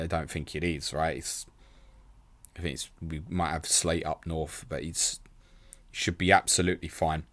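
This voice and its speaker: Deep-voiced casual stream host. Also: male voice, fairly bright tone, dry recording. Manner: casual and quick, calls viewers mate, self-deprecating. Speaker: fantasy football stream host. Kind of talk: live stream Q&A, reading chat questions.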